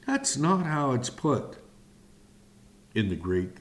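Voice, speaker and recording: A man teaching a sermon-style Bible lesson, speaking in slow, deliberate phrases with long pauses. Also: on the high side, big pitch swings.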